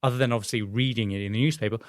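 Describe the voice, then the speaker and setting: A man casually telling a story to a friend, animated and chatty, with frequent fillers. His voice sits mid-range, and the sound is close and dry with no room around it. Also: medium pitch, rapid-fire, no echo. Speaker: podcast host telling a story.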